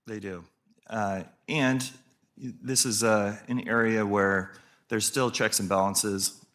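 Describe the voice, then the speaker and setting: A man from city staff explaining a franchise agreement to the council in a measured way with fillers. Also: on the low side, steady tone, a bit bright.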